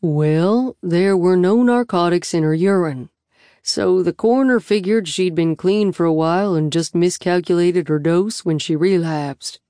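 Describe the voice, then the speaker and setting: A woman's voice: fairly low pitch, measured pace, warm tone, dry recording, clean studio sound, lightly acted. A woman voicing a kindly male police officer who speaks hesitantly and carefully.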